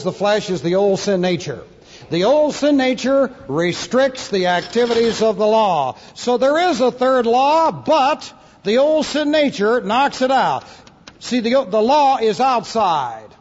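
A man's voice: high voice, darkish tone, slightly rough. A pastor preaching an expository sermon, teaching the Bible through Greek word study. He talks emphatically, spells out Greek words letter by letter and slips in dry jokes. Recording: lo-fi recording in a reverberant hall.

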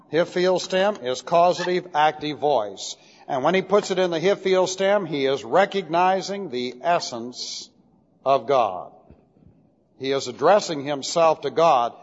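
A male pastor giving an expository sermon, emphatic and methodical, repeating key terms as he explains them step by step. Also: a little high. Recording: dull lo-fi recording with long hall reverb.

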